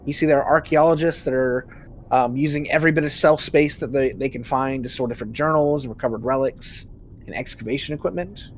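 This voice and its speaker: A man narrating a tabletop game as game master, relaxed and filler-laden. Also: medium pitch, brisk, slight background noise.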